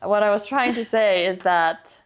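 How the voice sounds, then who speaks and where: A woman's voice: mid-range voice, normal speed, clean tone. A young woman co-hosting a podcast in casual chat, joking and rambling into playful asides. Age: young adult. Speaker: podcast co-host.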